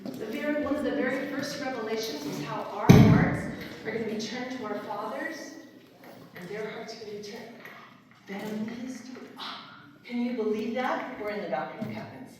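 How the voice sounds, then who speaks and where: A woman's voice: on the high side, brisk, noisy background. A woman presenting a singing time workshop, coaching a group of adults through a song with clapping moves, counting down and singing along. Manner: upbeat, coaxing, counts down and sings along. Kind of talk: leading a live group song and movement workshop. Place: large hall with a group of adults. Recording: echoey hall, distant mic, crowd.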